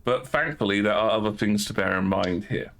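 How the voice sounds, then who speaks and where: A man's voice: lowish voice, a little fast, gravelly, fairly bright tone. A man running a tabletop game as game master, narrating the scene and wryly teasing the players about their dice. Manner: wry, teasing about bad dice rolls.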